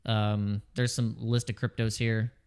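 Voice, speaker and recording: A man's voice: lowish voice, flat delivery, unhurried, a little mellow, clean tone. A man hosting a casual crypto livestream, joking and rambling, reading chat names and restarting his sentences, wired on coffee. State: over-caffeinated.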